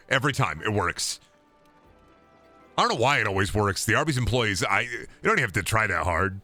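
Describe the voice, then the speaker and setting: A man's voice: on the low side, animated, brisk, sharp tone, soft background music. A man streaming a video game, joking, rambling and trash-talking in casual chat.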